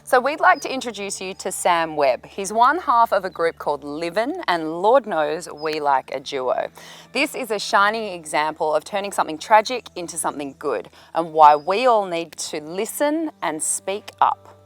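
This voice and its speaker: A woman host giving a measured, scripted introduction. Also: fairly low pitch, expressive.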